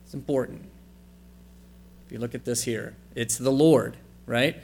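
A little slow and darkish in tone, this mid-range male preacher reads from scripture before explaining it in a chatty, inquiring way. He spells out letters for emphasis and keeps putting questions to the congregation.

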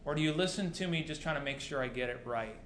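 A man's voice: a little high, fast talker, a bit bright, slight background noise. A male pastor preaching a sermon to his congregation, mixing rhetorical questions with dry humor. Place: church sanctuary. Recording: roomy church echo.

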